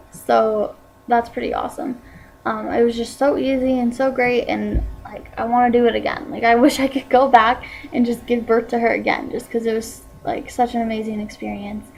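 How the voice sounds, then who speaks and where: Teen girl, slightly high voice with heavy vocal fry, casual vlog storytelling, rambling filler words. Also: fairly even intonation, moderate pace, soft background music, low-quality recording. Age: teens. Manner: chatty, full of "like" and "um" fillers. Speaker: vlogger.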